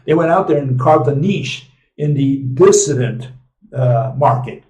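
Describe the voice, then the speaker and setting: A man's voice: medium pitch, a little slow, a little mellow, far from the mic. A man hosting a casual commentary live stream, rambling with many fillers and restarts, often tagging lines with "right?" or "okay?". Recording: roomy echo, speaking from away from the mic.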